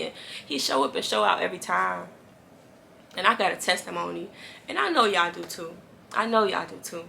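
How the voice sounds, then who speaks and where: Bright, gravelly-voiced woman encouraging viewers. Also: lowish voice, moderate pace, a little hiss or hum. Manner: earnest, encouraging, talks straight to viewers; conversational and emphatic, repeats lines for weight. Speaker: Christian faith vlogger. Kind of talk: casual devotional talk to camera.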